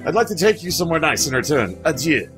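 A man's voice: a little high, very animated, quick pace, over music. A man voicing a flamboyant young male pigeon student in a dating game, in a theatrical put-on French accent. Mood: breezy. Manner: theatrical and flowery.

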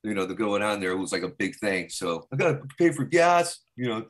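A man's voice: on the low side, big pitch swings, fairly quick. A middle-aged man from Arizona, a stand-up comedian guest, telling rambling stories in casual interview talk. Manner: rambling, slips into loud character voices for quotes.

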